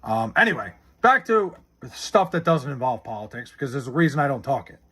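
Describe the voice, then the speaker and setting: A man's voice: medium pitch, very animated, fairly quick, bright, forceful tone, husky. A young man streaming live, chatting casually and bluntly with his chat, swearing a lot as he answers their questions.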